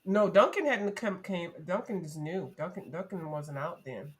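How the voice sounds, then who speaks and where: A woman co-hosting a livestream in casual chat, animated, breaking into high put-on voices when she retells old ads. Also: normal speed, husky. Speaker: livestream co-host.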